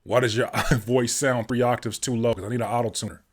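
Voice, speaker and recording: A man hosting a casual livestream, hoarse from a cold, chatting easily with viewers and laughing often. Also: mid-range voice, steady tone, brisk. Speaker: host, rapper and music producer.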